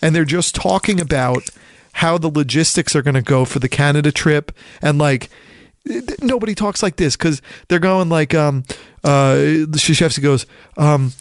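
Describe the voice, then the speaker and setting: A man from the Philadelphia area chatting casually about college basketball, rambling and animated, often acting out quotes. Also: fairly high pitch, normal speed, no room sound. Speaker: podcast co-host. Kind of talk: casual sports chat.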